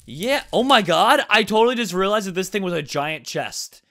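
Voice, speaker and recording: A young man giving excited gaming commentary, yelping and shouting whenever danger hits. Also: high-pitched, normal speed. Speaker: gaming YouTuber.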